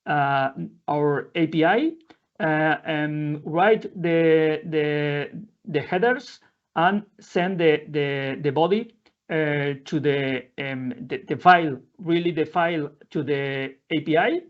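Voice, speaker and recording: A man presenting a live software demo in non-native English, halting often with fillers and restarting his sentences. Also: fairly high pitch. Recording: dull lo-fi audio.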